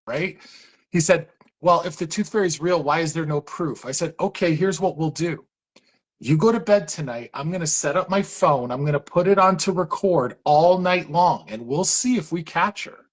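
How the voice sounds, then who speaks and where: Easygoing man telling funny stories. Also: on the high side. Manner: storytelling, reads viewer comments aloud. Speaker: livestream host. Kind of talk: casual chat on a livestream. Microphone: phone.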